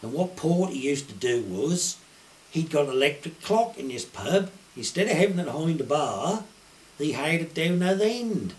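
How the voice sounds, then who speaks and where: Older Suffolk countryman, a fairly high voice, a rural yarn-spinner who does the voices of the people in his stories. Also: sing-song, normal speed. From Suffolk, England. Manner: broad rural dialect, acts out quoted dialogue. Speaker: retired poacher. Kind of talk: anecdotal storytelling.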